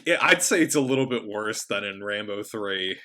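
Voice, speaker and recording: A man's voice: on the low side, lively intonation, moderate pace, bright, forceful tone. A young man co-hosting a podcast, making short, dry remarks in casual film chat. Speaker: podcast co-host.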